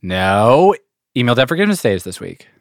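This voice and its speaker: A man's voice: mid-range voice, big pitch swings, a little fast, dry recording, studio quality. A man hosting a podcast, chatting casually with wry, playful banter. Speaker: podcast host. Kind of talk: casual chat.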